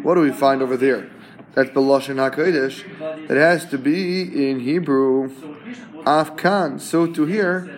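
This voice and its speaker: A man teaching a Talmud class. He translates each term phrase by phrase and often checks in with his students. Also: a little high.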